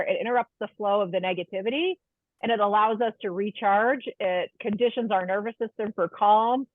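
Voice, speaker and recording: A woman's voice: medium pitch, dry recording. Woman presenting a webinar over a tinny line. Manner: warm explanatory, asks the audience questions. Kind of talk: webinar lecture. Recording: tinny phone-like line, dry.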